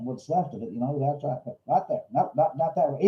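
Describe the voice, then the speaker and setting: A man's voice: mid-range voice, expressive, brisk, hardly any pauses. A man hosting a casual livestream from home, rambling and swearing as he jokes around. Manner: rambling, profane, jokey. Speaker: livestream host. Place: home room. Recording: roomy, slightly dull livestream audio.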